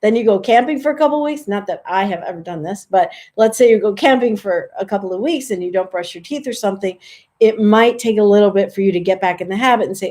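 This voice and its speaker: A woman dog trainer giving a casual, friendly how-to talk, chatty and relaxed, lifting her voice high for sample calls. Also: quick pace. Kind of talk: casual instructional talk to camera.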